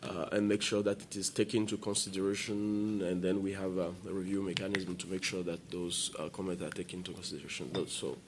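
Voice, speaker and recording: A man on a conference panel speaking in a halting way with frequent pauses. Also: low voice, flat delivery, background noise. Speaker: panelist from a regional registry community.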